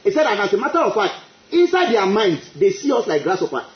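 A high-pitched man preaches quickly with big swings in pitch, repeating his lines and erupting into exclamations of praise. The recording sounds echoey and dull, like lo-fi.

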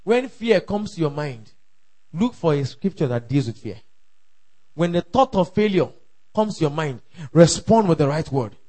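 A man preaching a sermon, emphatic and repetitive, calling out declarations and shouting at the peaks. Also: a little high, animated, normal speed. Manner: emphatic, repeats lines for the crowd to echo, shouts at peaks. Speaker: pastor.

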